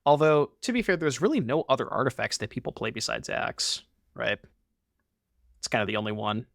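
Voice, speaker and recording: Young male streamer, casual rambling commentary, animated delivery, dry close desk mic. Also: medium pitch, a little fast, vocal fry, no echo. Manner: rambling, easygoing, swears casually. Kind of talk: casual game commentary and chat with viewers.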